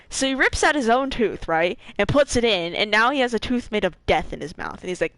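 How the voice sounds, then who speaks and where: A woman streaming a game, chatting her way through its story with a lot of swing in her pitch and bursts of laughter. She swears freely and jumps into quick voices for each character. The sound is close and dry, with no room around it. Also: lively intonation, fairly bright tone, dry recording, rough recording. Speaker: gaming streamer. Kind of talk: casual lore retelling while gaming.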